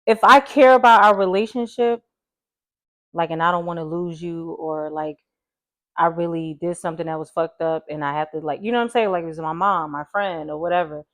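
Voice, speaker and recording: A woman's voice: lowish voice, no echo, clean studio sound. Blunt, teasing young woman podcast host. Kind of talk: casual chat.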